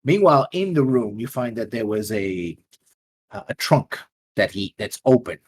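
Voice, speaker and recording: A man narrating as game master of a tabletop game, describing scenes in a halting, rambling way. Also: mid-range voice, big pitch swings, breathy edge.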